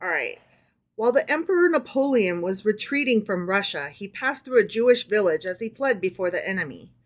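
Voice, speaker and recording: A woman co-hosting a casual book club podcast, reading folk tales aloud with animated delivery and chatty asides. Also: medium pitch, brisk.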